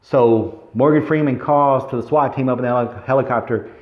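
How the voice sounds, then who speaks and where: A man's voice: mid-range voice, brisk. A man casually recapping a movie in a rambling, chatty way. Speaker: vlogger. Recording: roomy, dull lo-fi recording.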